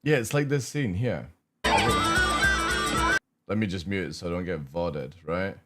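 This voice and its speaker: A man's voice: low voice, big pitch swings, measured pace, over loud music. An English man streaming a game, chatting to his viewers in a rambling way and swearing freely. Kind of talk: casual live-stream chat.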